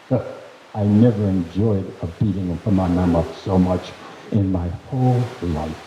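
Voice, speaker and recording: A man telling a story on stage at a live event, animated and theatrical. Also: lowish voice, normal speed, reverberant, a little hiss or hum, rough recording.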